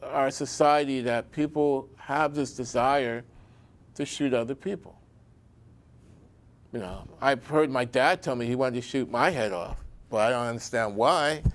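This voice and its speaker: A middle-aged man hosting a show, talking in a rambling, digressive monologue with folksy asides and frequent restarts. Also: mid-range voice.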